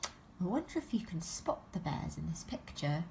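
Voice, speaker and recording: A woman reading a picture book aloud to preschool children, slow and expressive. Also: lowish voice, creaky, a little hiss or hum. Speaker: storyteller for preschoolers.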